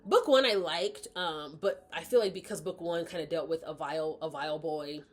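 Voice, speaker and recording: A woman's voice: low-pitched, normal speed. A woman chatting casually as she reviews a book, rambling and often correcting herself.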